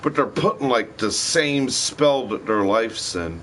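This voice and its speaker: A man's voice: mid-range voice, animated, measured pace, background noise. A man on a livestream, ranting in an angry, profane and repetitive way. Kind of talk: rambling livestream rant.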